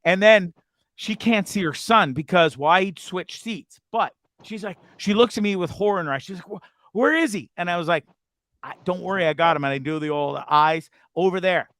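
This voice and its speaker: A man hosting a casual online show, telling a bar story with animated, laughing, bro-ish banter. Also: high voice, normal speed, no room sound. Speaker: host.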